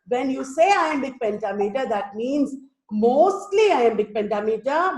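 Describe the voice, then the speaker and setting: A woman giving an online lecture, explaining slowly and often asking whether the students understood. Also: fairly high pitch, darkish tone, reverberant. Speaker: teacher. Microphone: computer mic in a webinar.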